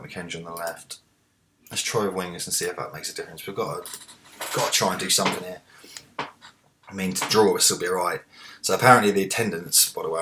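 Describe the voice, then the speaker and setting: A man commentating live on a football management game, muttering to himself and then shouting at the players. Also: low voice, noisy background. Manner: talks to the players, swings from muttering to excited shouts. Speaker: let's play host.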